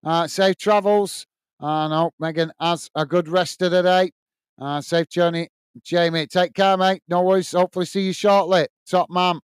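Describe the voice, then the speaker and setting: A man's voice: high voice, steady tone, moderate pace, smooth, no room sound. A man hosting a live football watch-along, reading out viewers' chat messages and complaining about the referee's bias. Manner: indignant ranting about the referee with chatty asides.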